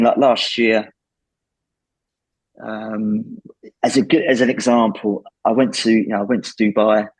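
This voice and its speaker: A man's voice: on the low side, a little mellow, no room sound, low-quality recording. A man, the guest in an interview, talking in a plain-spoken, casual way. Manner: plain-spoken, lots of restarts. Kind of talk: casual chat.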